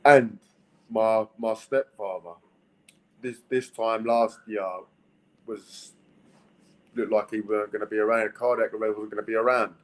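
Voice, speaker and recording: A man, a boxer talking plainly in a casual interview, blunt and halting, with restarts. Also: on the low side, steady tone, low-quality recording. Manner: plain-spoken, few words, halting restarts.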